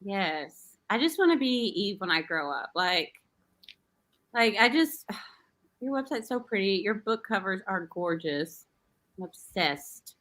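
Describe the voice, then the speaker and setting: A woman's voice: mid-range voice, sing-song, unhurried, fairly bright tone. An American woman co-hosting a casual talk show, giggly and bubbly, chatting with a guest over a video call. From United States. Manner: giggly, bubbly, uses y'all. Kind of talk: casual chat.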